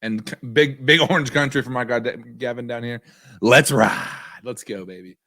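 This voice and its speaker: A man's voice: medium pitch, brisk, bright, forceful tone, dry recording, clean studio sound. A man co-hosting a casual sports podcast, talking in a rambling, laid-back way with lots of hedges. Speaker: podcast co-host.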